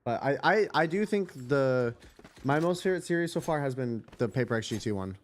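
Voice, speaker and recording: A man's voice: medium pitch, animated, fairly quick. A young man chatting casually to his stream chat, rambling, correcting himself and swearing offhand. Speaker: streamer hosting a watch party.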